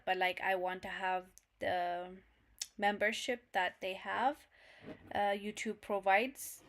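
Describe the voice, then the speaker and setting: A woman's voice: medium pitch, a bit bright. A young woman hosting a casual livestream, reading viewers' chat messages aloud and answering them with frequent laughs. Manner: chatty, laughs often, talks to viewers as "fam". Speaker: channel host reading live chat.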